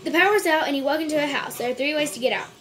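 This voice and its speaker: A woman reading out a string of jokes for a home video, stumbling over words, restarting and clearing her throat. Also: sits high, racing, a bit bright. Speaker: joke-telling video maker.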